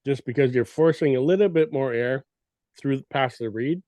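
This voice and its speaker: A man's voice: mid-range voice, normal speed, dark tone, no echo. A man on a podcast casually explaining elk cow calls and sometimes mimicking them with his voice. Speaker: guest elk calling expert.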